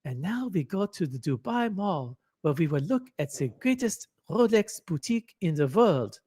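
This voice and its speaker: A man putting on a mock German accent to play an earnest male watch vlogger, with slow, exaggerated parody delivery. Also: high-pitched, very animated, darkish tone, husky, no room sound, clean studio sound, voice pushed up, exaggerated voice. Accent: put-on German.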